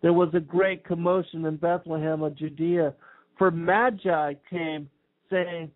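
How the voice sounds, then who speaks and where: A man reading an old scripture text aloud in a slow, measured, solemn way. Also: on the high side, steady tone. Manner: slow, measured, archaic phrasing. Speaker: scripture reader. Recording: tinny phone-like sound.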